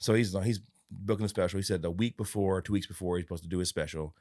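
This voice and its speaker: A man's voice: deep voice, fast talker, a little mellow, no room sound. A man co-hosting a podcast, rambling through stories in casual chat with plenty of fillers and swearing. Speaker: podcast co-host.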